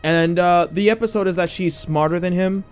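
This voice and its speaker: A man's voice: high voice, moderate pace, clear, resonant tone, faint music behind. A man co-hosting a let's play, chatting in a teasing, rambling, sometimes sarcastic way while he plays. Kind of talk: casual gaming commentary.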